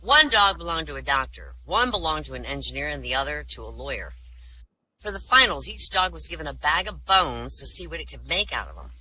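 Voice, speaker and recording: Lady cracking jokes, bright sharp voice, swings way up and down doing the characters, faint hiss behind. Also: fairly quick, low-quality recording. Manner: animated, acts out characters with big pitch jumps. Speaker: comedian telling jokes. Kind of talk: live comedy joke-telling. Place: online voice comedy show.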